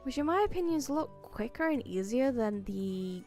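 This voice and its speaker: A woman's voice: fairly high pitch, expressive, fairly quick, darkish tone, soft background music. A woman streaming a farming game, chatting casually with viewers and playfully talking to in-game items with frequent giggles. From Wales. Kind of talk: casual live-stream gameplay chat.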